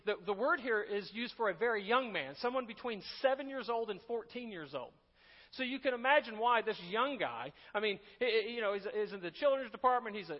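A pastor preaching a sermon in a conversational way, with asides, restarts and humor. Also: male voice, sits high, in a large hall, highs cut off.

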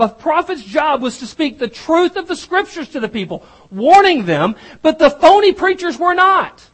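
A preacher delivering an emphatic sermon, moving between loud stresses and hushed lines. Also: high voice, low-quality recording.

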